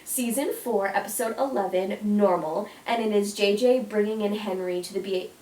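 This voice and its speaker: A woman's voice: mid-range voice, moderate pace, darkish tone. A young woman vlogging a casual countdown, gushing and emotional, full of "like" and "oh my gosh.". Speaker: YouTuber. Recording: echoey room, mic at a distance.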